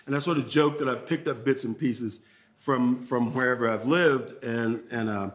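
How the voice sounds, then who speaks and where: A man with a Southern accent teaches a journalism workshop in a mid-range voice, neither high nor low. He speaks in a halting, unhurried way and restarts his phrases by repeating words. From Mississippi, USA. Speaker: journalism trainer. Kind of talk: workshop talk with audience questions.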